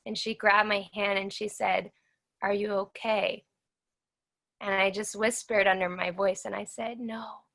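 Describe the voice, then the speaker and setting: A woman in her thirties with a bright, clear voice speaks as an interview guest. She tells her story in an earnest way. She acts out the lines other people said to her. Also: mid-range voice, level tone, unhurried.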